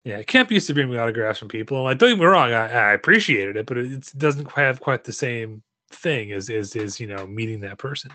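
A podcast co-host chats casually and enthusiastically about a convention, with lots of restarts. His mid-range voice is expressive, pushed, and bright, and he talks briskly with few pauses. The recording is dry.

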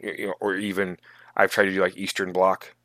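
A man co-hosting a tabletop gaming podcast, talking casually in a halting, thoughtful way with many restarts. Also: low voice, monotone, a bit bright, dry recording. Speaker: podcast co-host. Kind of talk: casual chat.

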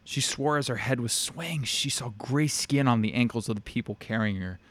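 A man reading a dark fantasy story aloud in a steady, measured way. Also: mid-range voice. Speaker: narrator.

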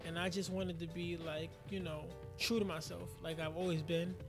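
A man who is a rapper, guest on an interview show, telling stories in lively casual talk and acting out voices. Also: a little high, moderate pace, music in the background. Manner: animated storyteller, acts out quotes.

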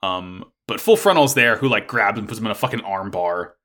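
A man's voice: on the low side, lively intonation, a little fast, sharp tone. A man recapping a plot in casual chat, rambling with lots of fillers and swearing. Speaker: podcast co-host recapping an anime.

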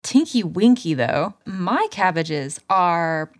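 A woman's voice: fairly low pitch, lively intonation, slow pace, no room sound, clean studio sound. A woman co-hosting a podcast in casual chat, giggly and rambling, a bit tipsy. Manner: giggly, rambling, lots of laughs. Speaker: podcast co-host.

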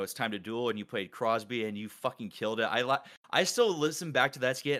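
A man hosting a casual group call, talking excitedly and rambling with many restarts. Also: medium pitch. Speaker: podcast host and collab organizer.

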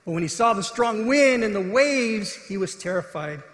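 High-voiced preaching man in an echoey hall. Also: animated, normal speed, fairly bright tone. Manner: earnest preaching, acts out quoted voices with rising intensity. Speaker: pastor. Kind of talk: sermon.

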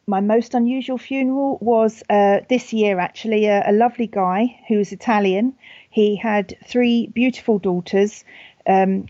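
A British woman working as a funeral celebrant answers questions in a calm, gentle voice. Her tone is warm and mellow, with frequent ums and small restarts as she thinks. The recording is dry and a little dull. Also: mid-range voice, no room sound. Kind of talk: conversational podcast interview.

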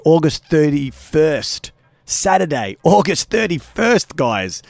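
Laid-back Australian podcast host. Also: male voice, medium pitch, dry recording. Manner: laid-back, jokey, laughs often. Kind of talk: casual podcast outro and chat.

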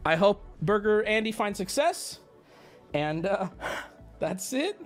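Young guy streamer, high voice that bounces all over, rambles and cusses. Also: very animated, slow, faint music behind. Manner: rambling and swearing, jumps into high squeaky outbursts. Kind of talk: casual reaction stream.

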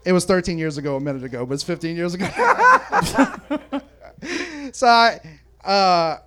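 A man's voice: sits high, big pitch swings, a little slow, pushed and bright. A middle-aged man telling a rambling, profane story on a live podcast in a sports bar, often correcting himself. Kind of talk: casual storytelling in front of a live audience.

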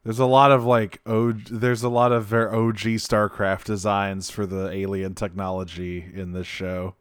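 A man's voice: on the low side, little pitch movement, normal speed, clear, resonant tone, no echo, studio quality. A man co-hosting a podcast, recapping an episode in casual chat, swearing freely and laughing often. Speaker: podcast co-host.

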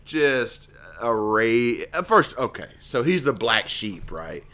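A man co-hosting a casual comedy podcast, joking and laughing often as he chats. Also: slow. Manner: joking, laughs often, lively swings in pitch. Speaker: podcast co-host.

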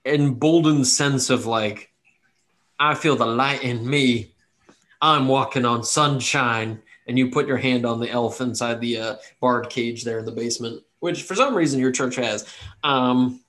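Male game master, casual narration, jokey, tabletop game. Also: medium pitch.

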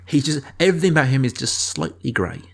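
A man's voice: mid-range voice, fast, creaky. A man in his thirties chatting on a podcast, telling stories with hesitant restarts. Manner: animated storytelling with hesitant restarts. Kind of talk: casual chat.

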